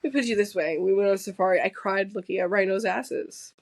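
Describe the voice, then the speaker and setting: A woman's voice: mid-range voice, a little fast, gravelly, no room sound, low-quality recording. A woman talking as a podcast guest in loose, candid chat. She rambles through fillers and restarts, swears freely and jokes along the way. Her voice sits in an ordinary middle register, recorded close and dry with no room sound. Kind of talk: casual chat.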